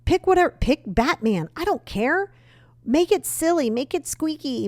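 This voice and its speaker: A woman's voice: high-pitched, lively intonation, moderate pace, no echo, clean studio sound. A young woman hosting a self-help podcast, talking bluntly and emphatically with some mild cursing. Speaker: podcast host. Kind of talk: motivational self-help talk.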